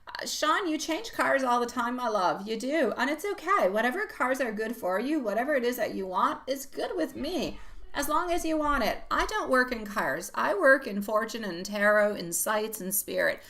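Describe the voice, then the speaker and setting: A woman's voice: a little high, animated, normal speed, fairly bright tone. Affectionate woman tarot reader. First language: French. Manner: affectionate, calls viewers sweetie and love. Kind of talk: casual live-stream chat. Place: at home.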